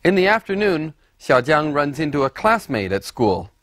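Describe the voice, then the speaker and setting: A man narrating a scripted language lesson, explaining deliberately and repeating example words for the listener. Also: on the high side, very animated, a bit bright, a little hiss or hum. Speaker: language teacher.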